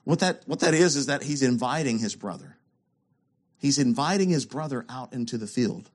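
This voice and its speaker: A man preaching a sermon, asking rhetorical questions and swinging between loud emphasis and hushed lows. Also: lively intonation, moderate pace.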